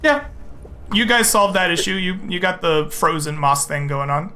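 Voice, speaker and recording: A man running a tabletop game as game master, narrating in a relaxed, chatty way with many fillers. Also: high-pitched, moderate pace. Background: faint background music.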